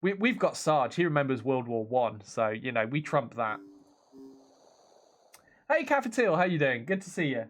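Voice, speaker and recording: A male game streamer talks in a loose, chatty way as he plays, often breaking into laughter. His voice sits at a middle pitch. He reads viewer messages and game text aloud as he goes. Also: animated, fairly quick, hardly any pauses. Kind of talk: casual let's-play commentary.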